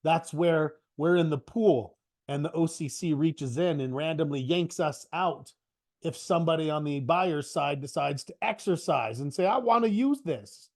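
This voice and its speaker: A man teaches options trading in a relaxed live online class, trading quips and wandering into asides. His voice sits slightly high for a man, and he keeps a chatty, good-humored rhythm throughout. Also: normal speed. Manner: joking, chatty, rambling asides.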